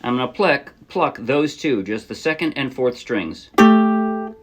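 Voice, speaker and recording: A man's voice: mid-range voice, animated, measured pace, slightly rough, faint music behind. A man teaching a ukulele song in a casual tutorial, explaining patiently step by step and encouraging beginners. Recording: ukulele playing loudly under voice.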